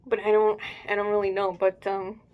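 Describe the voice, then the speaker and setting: A woman's voice: mid-range voice, little pitch movement, moderate pace, muffled recording. A young adult woman giving casual reaction commentary, thinking aloud hesitantly with fillers as she hosts her own video. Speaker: manga reaction host.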